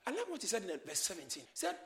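A man preaching a sermon, shouting and exhorting his congregation in call-and-response. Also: high voice, wildly swooping pitch, very fast. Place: church hall with congregation. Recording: echoey church hall, crowd behind.

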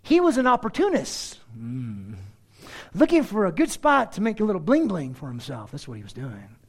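A man preaching a verse-by-verse sermon with sarcastic asides and rhetorical questions, swinging between loud exclaims and hushed asides. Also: high-pitched, wildly swooping pitch, moderate pace. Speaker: pastor. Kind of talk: expository sermon.

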